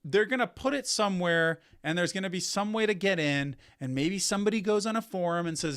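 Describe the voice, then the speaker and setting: Animated, rambling higher-voiced man. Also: brisk, few pauses, clean tone. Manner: animated, rambling, repeats himself. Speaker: content creator. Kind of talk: casual commentary rant.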